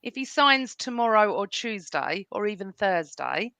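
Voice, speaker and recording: A woman's voice: medium pitch, very animated, measured pace, vocal fry, pushed and bright, no echo. A woman hosting a casual football fan chat, talking at length and often addressing her guests by name. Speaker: host.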